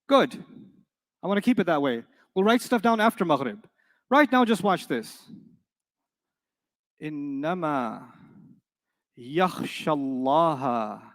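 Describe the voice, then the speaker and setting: A man teaching an Arabic grammar class in a classroom, playful and animated, quizzing his students with quick questions. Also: sits high. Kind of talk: classroom lecture.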